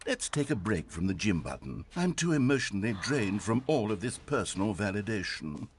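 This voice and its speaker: A man's voice: lowish voice, very animated, normal speed, a little hiss or hum. A man voicing a wry adult male video game narrator who talks in a dry, mock-sincere, teasing way.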